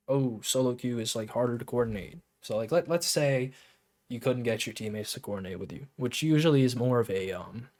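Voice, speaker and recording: A man coaching players on a shooter game, talking casually to camera with lots of fillers and restarts, then turning lively and emphatic. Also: mid-range voice. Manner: rambling with many fillers, grows lively and emphatic.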